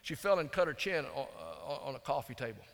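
Gravelly man preaching in a hall. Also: fairly high pitch, expressive, fast talker. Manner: folksy, conversational, drops to hushed tones for emphasis. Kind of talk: storytelling sermon. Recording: long hall reverb.

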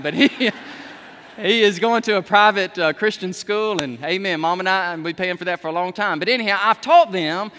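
A man, preaching a sermon with emphatic peaks on key words. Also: sits high. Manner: emphatic, rising to near shouts on key words. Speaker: pastor. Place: church sanctuary. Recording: long reverb of a large hall.

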